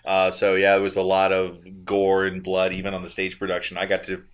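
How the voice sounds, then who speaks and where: A man hosting a casual panel chat, animated, laughing often and adding quick asides. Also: low-pitched, clean tone. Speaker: podcast host. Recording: faint background noise.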